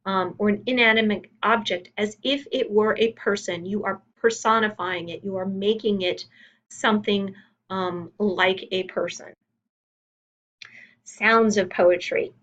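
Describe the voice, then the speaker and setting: A woman teacher talks through her lecture at a measured, explanatory pace. Her voice sits at an ordinary middle pitch for a woman. Now and then she drops in a filler or corrects herself as she reads from her notes. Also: a bit bright, highs cut off. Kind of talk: recorded lecture reading from slides.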